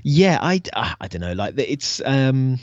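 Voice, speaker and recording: A man's voice: mid-range voice, very animated, moderate pace, no echo. A British man chatting casually, hesitant and full of ums and restarts. His voice sits mid-range. The recording is dull, lo-fi and dry. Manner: hesitant, many fillers and restarts. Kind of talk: casual chat.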